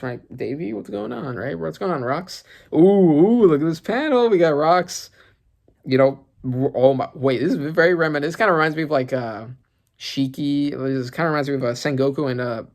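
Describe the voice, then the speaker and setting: Guy doing a chill reaction vid, mid-pitched, rambles and gets hyped, thinks out loud. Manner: excitable, thinking aloud, rambling. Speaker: manga reaction channel host. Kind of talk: casual reaction commentary.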